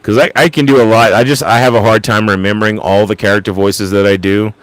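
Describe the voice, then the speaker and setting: Low-voiced joking livestream host. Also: male voice, steady tone, quick pace, a bit bright, no echo. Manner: self-deprecating, jokey, rambling. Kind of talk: casual chat with live viewers.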